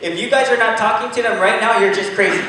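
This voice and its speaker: A man giving an energetic, joking motivational speech at a business event, pushing the crowd to answer back. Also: high-pitched, fast talker, a little hiss or hum. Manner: energetic, joking, pushes the audience to respond. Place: large event hall. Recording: echoey hall from far off.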